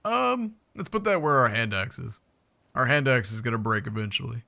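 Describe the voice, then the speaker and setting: A man's voice: mid-range voice, animated, moderate pace, creaky, sharp tone. A young man giving casual, playful commentary while playing a survival game, chatting to his viewers with jokey asides. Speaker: gaming YouTuber.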